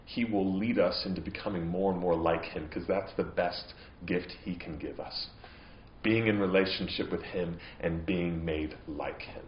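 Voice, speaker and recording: A man's voice: sits low, normal speed, roomy sound, highs cut off, slight background noise. A man preaching a sermon as pastor, earnest and growing impassioned at times. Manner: earnest preaching, voice rising into emphatic, impassioned stretches. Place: church.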